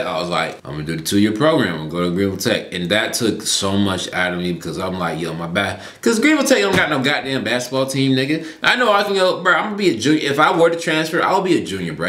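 A young man from Atlanta telling a story to camera in a casual, slangy, profane way, his voice jumping between loud and low. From Atlanta, Georgia, US. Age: young adult. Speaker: YouTuber. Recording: echoey room.

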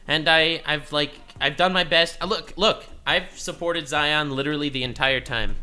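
A man reacting to a video on stream, excitable and swearing freely, with loud outbursts. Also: medium pitch. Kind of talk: casual reaction commentary.

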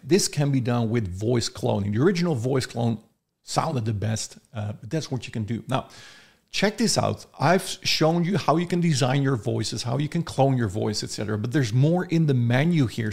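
A man talks through a software tutorial in a loose, chatty way, thinking out loud as he goes. His mid-pitched voice carries a bit of gravel. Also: animated, normal speed. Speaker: software reviewer. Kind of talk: casual screen-recorded tutorial.

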